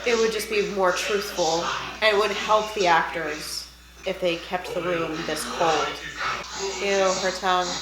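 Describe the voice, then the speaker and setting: A woman's voice: lowish voice, measured pace, reverberant, loud music behind the voice, poor audio. A woman giving casual, jokey reaction commentary as she watches a film and reviews it. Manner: animated, jokey, squeamish asides. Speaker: movie reviewer.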